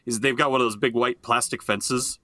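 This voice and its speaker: A man co-hosting a podcast, telling animated, profane stories in casual banter. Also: mid-range voice, fairly quick, no echo. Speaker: podcast co-host.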